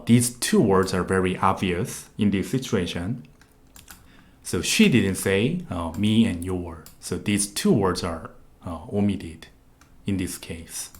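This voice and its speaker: Low-voiced Korean-accented man teaching. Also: a little mellow. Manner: patient, repetitive explanations with frequent "uh" fillers. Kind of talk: live online language lesson.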